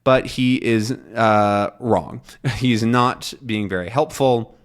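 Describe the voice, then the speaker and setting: A young man teaching English, explaining a comic slowly and clearly, rephrasing as he goes. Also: medium pitch. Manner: slow, clear, repeats and rephrases.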